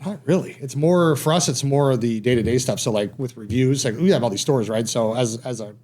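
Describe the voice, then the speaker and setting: Fast-talking reserved man. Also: mid-range voice, darkish tone. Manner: reserved, self-deprecating, trails off. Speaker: pizza franchise owner, guest. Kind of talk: casual podcast conversation.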